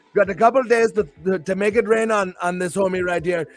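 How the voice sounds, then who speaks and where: A man's voice: high-pitched, steady tone, fast talker, soft background music. A male host and pro wrestler chatting on a live stream show in a hyped, rambling, playful way.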